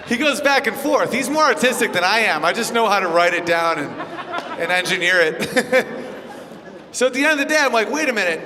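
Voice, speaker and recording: A man's voice: sits high, brisk. Brash man doing stand-up. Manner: brash, crude, animated storytelling. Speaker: stand-up comedian. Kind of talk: stand-up set with crowd work. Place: comedy club stage before a live audience. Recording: live club recording with hall reverb and crowd noise.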